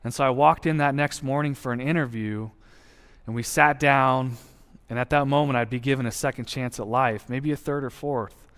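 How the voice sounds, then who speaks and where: A man's voice: mid-range voice, steady tone, fairly bright tone. Earnest man telling his story in a reverberant hall. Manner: earnest, reflective storytelling with deliberate pauses. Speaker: guest speaker sharing testimony. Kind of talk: personal testimony.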